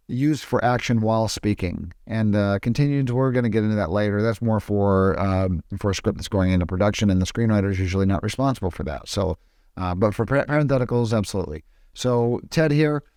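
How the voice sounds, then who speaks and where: Low-voiced man teaching, halting delivery. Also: darkish tone, no echo, clean studio sound. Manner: hesitant, with frequent restarts. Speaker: film production instructor. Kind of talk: casual screen-recorded tutorial.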